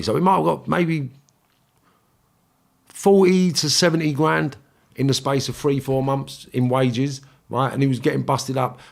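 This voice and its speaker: A middle-aged Englishman with a London accent and a creaky, medium-pitched voice appears as a podcast guest, telling stories in casual conversation. He's blunt and swears constantly, acting out quotes in a raised voice.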